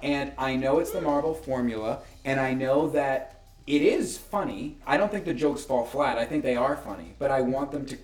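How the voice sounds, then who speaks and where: A man chatting casually about a movie, earnest and rambling with frequent pauses and restarts. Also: mid-range voice, a little mellow, reverberant, distant mic. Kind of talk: casual movie review chat.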